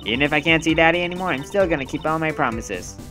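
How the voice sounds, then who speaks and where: A man's voice: a little high, fast, music in the background, voice pushed up, natural voice. Brave grieving little girl, earnest and subdued, read by a man.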